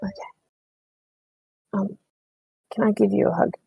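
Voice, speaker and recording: A woman player at a tabletop game, talking in character in a hesitant way with many pauses. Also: medium pitch, level tone, creaky, warm tone, slightly rough, dry recording, low-quality recording.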